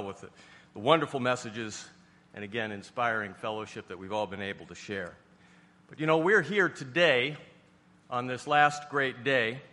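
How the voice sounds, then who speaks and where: A man from New York preaches to his congregation in a folksy, chatty way that builds to emphatic passages. His voice is bright and forceful. It rings with long reverb through a large hall. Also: medium pitch. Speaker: pastor. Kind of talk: sermon.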